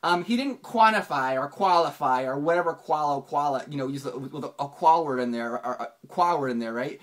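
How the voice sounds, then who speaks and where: A finance channel host giving casual video commentary, rambling with many restarts and fillers, and jumping up in pitch for emphasis. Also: normal speed. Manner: animated, pitch jumps up for emphasis.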